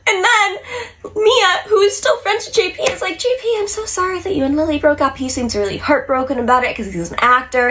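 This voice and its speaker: A young woman with a stuffy nose, casually recapping a story in an animated way, acting out the lines. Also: high-pitched. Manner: animated storytelling, acts out quotes, frequent laughs and ums. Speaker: pop culture vlogger.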